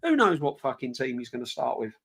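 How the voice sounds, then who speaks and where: A man's voice: medium pitch, sing-song, fairly quick, vocal fry, fairly bright tone, husky. Fuming man ranting on a live stream. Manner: passionate, fuming, repetitive. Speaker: fan channel host.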